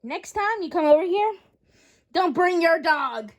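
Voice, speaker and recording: A woman's voice: very high voice, expressive, measured pace. A woman voicing a flustered woman dog owner who talks hesitantly, in an amateur role-play video. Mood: firm.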